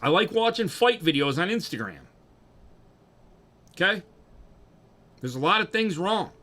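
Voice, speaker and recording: A young man's high voice, lively in intonation and a little slow, carries a profane, rambling livestream chat as he drinks. He talks casually with viewers, alternating between loud bursts and mumbling.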